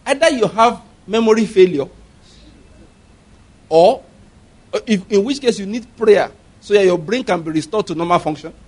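A middle-aged pastor delivering a fervent sermon. His voice sits high for a man, and he drives his points home with rhetorical questions and bursts of laughter. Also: animated, moderate pace, pauses often, darkish tone.

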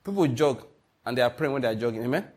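A man's voice: mid-range voice, animated, fast, a little mellow. A man preaching a sermon as pastor, stressing points and asking the congregation questions. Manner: emphatic preaching with call-and-response questions.

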